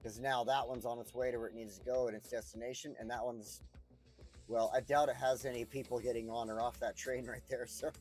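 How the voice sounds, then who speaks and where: A man's voice: mid-range voice, little pitch movement, a little fast, darkish tone, soft background music. A man chatting casually while streaming a city-building game, rambling and swearing freely with frequent chuckles. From United States. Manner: rambling, profane, chuckles often. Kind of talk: casual gameplay commentary.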